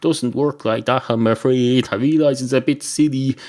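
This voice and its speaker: A man's voice: medium pitch, fairly even intonation, normal speed, darkish tone, lightly acted. A man playing a polite, fussy barman. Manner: courteous, fussy about rules. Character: polite, pedantic male barman.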